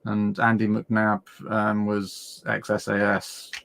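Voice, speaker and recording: Gravelly English man, joking. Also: on the low side, monotone, slow pace, a bit bright. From England. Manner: joking, laughs often. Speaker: writers group member. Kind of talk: casual chat on a live stream. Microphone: remote call mic.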